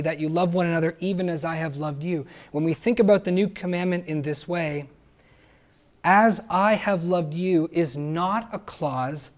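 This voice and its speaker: Guy preaching a sermon, kinda high voice, earnest and emphatic. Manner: earnest, emphatic teaching with rhetorical questions. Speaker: pastor.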